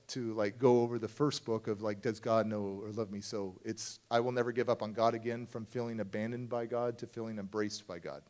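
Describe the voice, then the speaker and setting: A middle-aged man giving a live motivational talk to an audience in a conference hall, telling a story that swings between hushed moments and loud, emphatic lines. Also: medium pitch. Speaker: motivational speaker.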